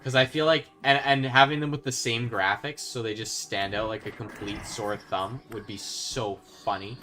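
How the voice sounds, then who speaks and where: A young man giving casual commentary while he plays a video game. He swings from quiet muttering to yelling when he is excited. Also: lowish voice, moderate pace, soft background music. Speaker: gaming video host. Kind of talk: casual let's-play commentary.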